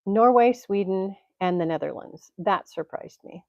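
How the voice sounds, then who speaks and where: A woman's voice: medium pitch, measured pace, no room sound. Chatty woman on a dull, dry mic. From Tennessee, USA. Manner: chatty, rambling, laughs often. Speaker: livestream host. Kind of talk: casual chat. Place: home, indoors. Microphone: computer mic.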